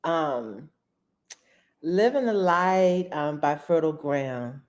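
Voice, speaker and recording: A woman guest answers questions in a casual interview. Her voice is low and her pace slow. She thinks aloud with plenty of fillers. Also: animated. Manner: unhurried, thoughtful, with many fillers.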